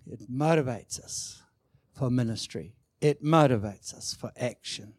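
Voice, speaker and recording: A man preaching a sermon, emphatic and animated, acting out quoted lines. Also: medium pitch, no echo, studio quality. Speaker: pastor.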